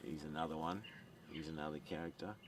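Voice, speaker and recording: A man's voice: a bass voice, steady tone, fast talker. A man talking in a meandering outdoor monologue, repeating himself, swearing and chuckling as he goes. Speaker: vlogger. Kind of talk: rambling monologue to camera. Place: outdoors at a graveside. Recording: distant mic outdoors, faint outdoor noise.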